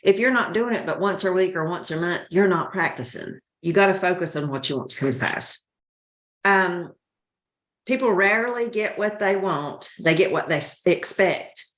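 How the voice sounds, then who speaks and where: A woman gives a motivational talk, urging her listeners and firing questions at them. Her voice is fairly low, and it echoes around the room she is in. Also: animated, normal speed. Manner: urgent, coaching, asks the listeners questions. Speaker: sales team speaker.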